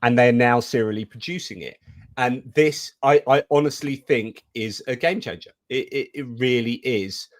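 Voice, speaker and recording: A man's voice: medium pitch, moderate pace, dry recording, clean studio sound. A man co-hosting a casual live stream, chatting about the news and reading out viewer comments.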